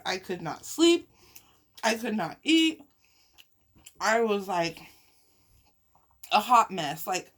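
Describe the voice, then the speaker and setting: A young woman vlogger telling a personal story in casual chat while eating, emotional and chatty, sighing and laughing often. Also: medium pitch. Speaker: mukbang vlogger.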